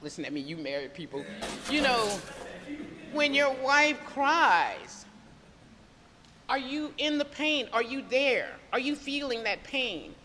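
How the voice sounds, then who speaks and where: A woman's voice: high voice, big pitch swings, slow, bright, forceful tone, a little hiss or hum. Earnest woman preaching in a reverberant room. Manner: earnest, emotional, preacherly with rhetorical questions. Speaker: devotional speaker. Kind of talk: casual devotional talk.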